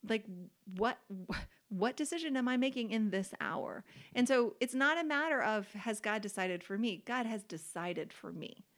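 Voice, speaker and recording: A woman's voice: a little high, lively intonation, normal speed. A woman co-hosting a casual faith podcast conversation, chatty, full of "like" fillers and easy laughter, leaning hard on key words. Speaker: podcast co-host.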